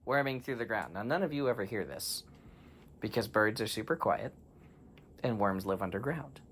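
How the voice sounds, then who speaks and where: A man telling an improvised bedtime story to children, playful and animated, with sound effects and laughter. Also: lowish voice, normal speed, slight background noise.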